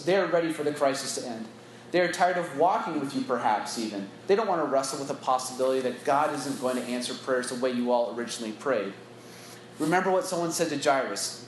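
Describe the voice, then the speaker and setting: A reflective man leads a Bible teaching for church staff, earnest and conversational, with a slightly raised voice. He is caught on a phone in a roomy meeting space. A faint hiss runs underneath. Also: on the high side. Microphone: phone recording. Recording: echoey room on a phone.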